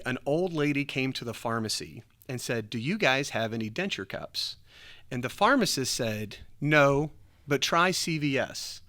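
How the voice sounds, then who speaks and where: A man telling a story in a casual chat, animated, laughing often and acting out what people said. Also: mid-range voice. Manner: animated, acts out quoted voices, laughs often. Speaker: church podcast host.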